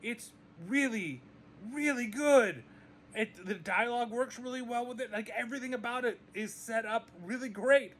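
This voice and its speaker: A high-pitched man giving a casual video review, ranting and swearing in exasperation. He jumps between sarcasm and disbelief, and a faint background noise sits under his voice. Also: fairly even intonation, fairly quick, hardly any pauses, fairly bright tone. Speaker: movie reviewer.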